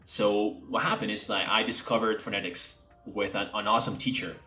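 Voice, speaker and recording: A young man from Mexico, an English teacher, chatting casually to camera and speaking deliberately from the throat. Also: fairly low pitch, flat delivery, bright, forceful tone, soft background music. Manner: speaks from the throat to sound native-like. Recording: echoey room.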